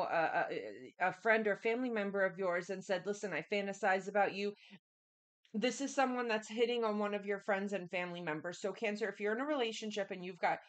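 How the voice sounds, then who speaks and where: A woman giving a casual tarot reading, chatty and repetitive, speaking straight to the listener. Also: mid-range voice. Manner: chatty, repetitive, keeps addressing the listener directly. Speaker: tarot reader.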